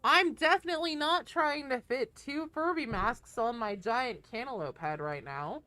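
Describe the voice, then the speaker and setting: A woman streaming a game, chatting casually, joking and swearing as she greets viewers. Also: normal speed. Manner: joking, swears, bursts into high excited greetings.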